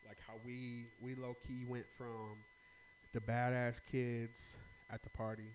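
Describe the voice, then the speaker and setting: A young man hosting a casual podcast chat, telling a story with lively energy and acting out arguments. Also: mid-range voice, unhurried, slight background noise. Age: young adult. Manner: animated storyteller, acts out heated arguments loudly. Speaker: podcast host.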